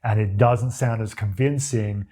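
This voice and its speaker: Deep-voiced communication coach. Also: male voice, measured pace. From Australia. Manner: demonstrative, animated, acts out examples with his voice. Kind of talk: talking-head tutorial to camera.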